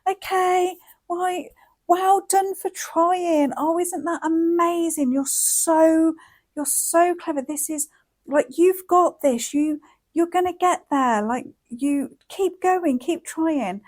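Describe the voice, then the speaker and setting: A woman putting on the voice of an adult cheering on a toddler, cooing encouraging praise in a high sing-song. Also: takes it slowly, a little mellow.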